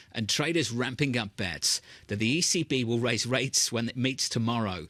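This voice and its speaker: A man hosting live market news, brisk and briefing-like, moving from headlines to questions. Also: medium pitch, a bit bright, no room sound. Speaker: news host.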